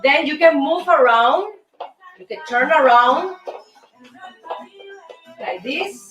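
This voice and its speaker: A woman's voice: sits high, expressive, takes it slowly, pauses often, bright, forceful tone. A Cuban woman with a Cuban Spanish accent hosts her show and teaches basic salsa steps, counting them out in a friendly, coaxing way. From Cuba. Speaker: show host and dance teacher. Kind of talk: casual show hosting with a salsa lesson. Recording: echoey room, voice picked up from a distance, music in the background.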